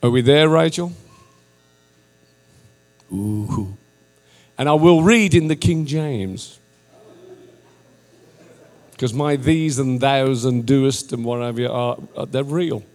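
A man from England, a visiting missionary preaching a jovial sermon that turns to loud exhortation. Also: medium pitch, takes it slowly, pauses often, big-room sound, soft background music. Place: church sanctuary.

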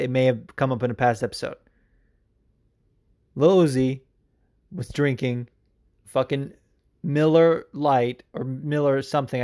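A man's voice: mid-range voice, a little mellow. A man hosting a podcast, answering listener questions in a rambling, profane, enthusiastic way. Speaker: podcast host. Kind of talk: casual chat.

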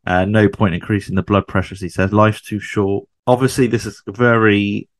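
A podcast co-host chats casually about a TV sitcom, talkative and fond of tag questions. His voice is lowish and flat, at normal speed, in a dry recording.

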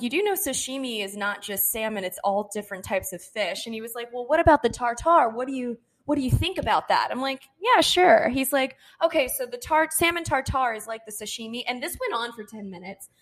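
A young woman co-hosting a podcast, telling a dating story in casual chat, acting out what people said and laughing often. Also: fairly high pitch. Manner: animated, quotes people in her own voice, laughs often. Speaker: podcast co-host.

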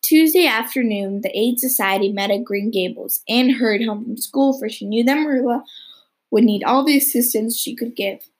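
A woman's voice: a little high, normal speed, husky. A young woman reading a novel chapter aloud, with the odd slip and restart. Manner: occasional slips and restarts. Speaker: audiobook reader.

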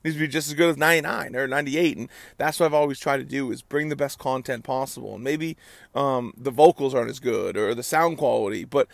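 A man's voice: medium pitch, fast talker, gravelly, no room sound. A young man hosting a casual solo podcast, chatty and upbeat, rambling with restarts and self-deprecating asides. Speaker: podcast host. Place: outside a ballpark in the morning.

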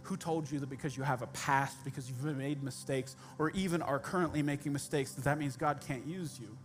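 A man's voice: medium pitch, brisk, few pauses, over music. A man preaching a sermon as pastor, speaking directly and conversationally to his congregation with humorous asides.

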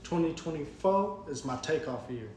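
A man's voice: fairly high pitch, animated, moderate pace, a little mellow. A laid-back man giving motivational talk in casual podcast chat, chuckling often. The room is echoey, with a faint hum behind him. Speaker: co-host.

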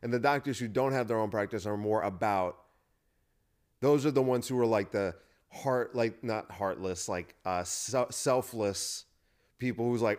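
A man's voice: lowish voice, unhurried, a little mellow, smooth. Rambling, self-deprecating male podcaster. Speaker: podcast host, comedian. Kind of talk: casual storytelling monologue.

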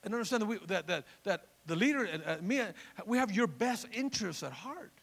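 A male pastor delivers a fervent sermon with a very high, gravelly voice, pausing for call-and-response. His tone is bright and cutting. The sound carries long reverb from a church hall. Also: expressive.

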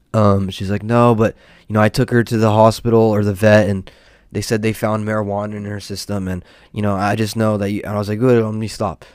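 A man's voice: lowish voice, little pitch movement, brisk, darkish tone, clean tone, no room sound, studio quality. A young man hosting a podcast, telling a rambling, profane story about his neighbor in a casual, exasperated rant. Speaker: podcast host.

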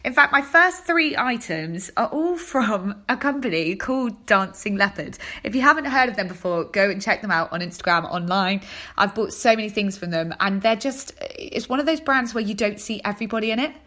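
A woman, hosting a casual chat segment and talking in a lively, gossipy way with quick asides. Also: medium pitch. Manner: chatty, animated, quick asides with laughs. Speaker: host of a chat show segment. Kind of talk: casual chat about baking and fashion.

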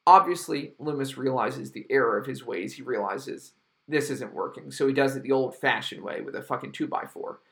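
Gravelly, profane man ranting about movies. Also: medium pitch, normal speed, fairly bright tone. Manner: profane, exasperated, emphatic. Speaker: film reviewer. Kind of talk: ranting film review monologue.

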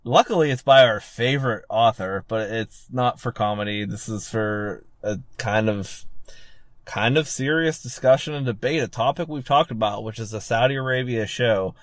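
Male co-host, mid-pitched, laid-back and chuckly, dry close sound. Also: moderate pace, dry recording. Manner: laid-back, chuckling, reads numbers aloud. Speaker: podcast co-host. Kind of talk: casual wrestling podcast chat.

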